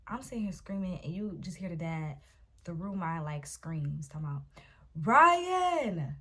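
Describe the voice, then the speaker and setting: Speaking in a low, breathy voice at normal speed, a young woman vlogger animatedly recounts a dramatic story for her storytime vlog. She talks directly to her audience, addressing them as "y'all" and "baby."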